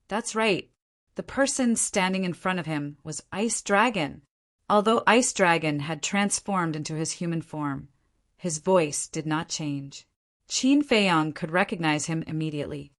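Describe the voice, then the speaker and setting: A woman narrating a fantasy novel as an audiobook in a steady, measured storytelling read. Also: lowish voice.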